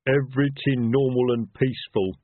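A man doing a slow, blunt troll sergeant. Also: medium pitch, no echo, voice pushed up, lightly acted. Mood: flat. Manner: slow, flat, blunt delivery. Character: slow heavy male troll sergeant, dutiful. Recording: tinny phone-like dry sound.

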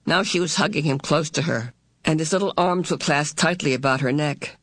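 A woman narrating a storybook in a slow, deliberate, heartfelt way, lifting into the characters' voices for their lines. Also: low voice, no room sound. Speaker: audiobook narrator. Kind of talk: expressive storybook reading.

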